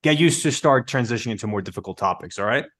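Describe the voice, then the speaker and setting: A man's voice: mid-range voice, expressive, fast talker, a bit bright. Rambling podcast host man, light accent. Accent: non-native English accent. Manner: loose, rambling, many "like" and restarts. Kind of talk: podcast interview.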